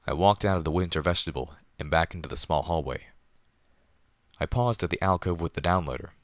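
A man narrating a story in first person in a measured, deliberate manner. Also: low voice, no echo. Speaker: audiobook narrator.

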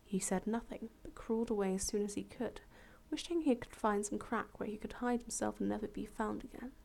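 Gravelly, mellow woman reading a fable. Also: mid-range voice, a little fast. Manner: relaxed, chatty, self-correcting. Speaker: storyteller. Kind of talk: fable read aloud with casual asides.

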